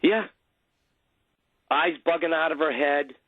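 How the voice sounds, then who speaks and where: A man calling in to a talk radio show, talking excitedly and indignantly. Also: a little high, slow pace, no room sound. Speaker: caller. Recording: tinny phone line.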